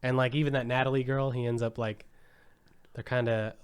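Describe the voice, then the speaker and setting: A man co-hosting a podcast, casually retelling a movie plot in an animated way and leaning hard on "like.". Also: mid-range voice, fairly quick, smooth. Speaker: podcast co-host. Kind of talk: casual film chat.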